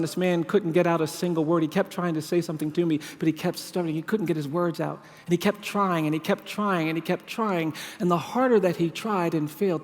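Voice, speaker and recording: A man delivers a storytelling keynote from a large conference hall, and his words ring out with a long reverb. His voice sits fairly high for a man, and he builds each point through measured, repeated phrases. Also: darkish tone. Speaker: keynote speaker at a leadership conference.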